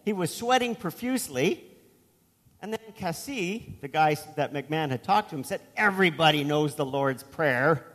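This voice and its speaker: A man's voice: a little high, expressive, normal speed, fairly bright tone, big-room sound. A man preaching a sermon as pastor, telling a story in a conversational way with asides.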